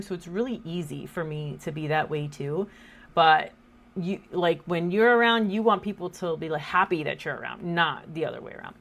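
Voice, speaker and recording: A woman's voice: fairly low pitch, creaky, a bit bright. A woman in her thirties hosting a casual faith talk, chatty and joking, quoting scripture. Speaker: host.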